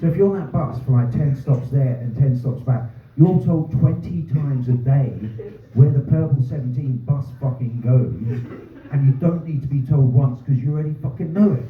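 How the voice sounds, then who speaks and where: Swearing stand-up ranting in pub. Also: male voice, mid-range voice, moderate pace. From North London. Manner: ranting, sweary, deadpan asides. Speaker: stand-up comedian. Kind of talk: stand-up comedy set. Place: small pub comedy room. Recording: roomy, distant, phone-like sound. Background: audience laughter.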